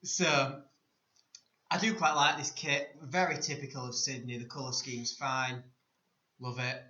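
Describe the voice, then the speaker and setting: Man, podcast host, bright voice, echoey room, lo-fi sound, dry humor. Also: medium pitch, level tone, a little slow. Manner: dry, mock-exasperated, keeps the show on track. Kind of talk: casual chat. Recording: roomy, muffled lo-fi home recording.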